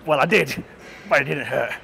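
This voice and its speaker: Brash swearing gym coach. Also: male voice, a little high, moderate pace, creaky, sharp tone, a little hiss or hum. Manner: brash, profane, lecturing. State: out of breath between sets. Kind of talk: blunt gym tutorial with heavy swearing.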